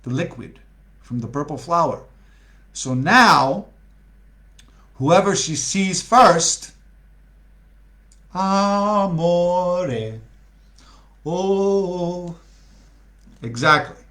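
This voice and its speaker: A man's voice: a little high, lively intonation, slow pace, pauses often, bright, forceful tone. A man reading a storybook aloud to a live audience, playfully asking them questions as he goes. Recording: roomy echo.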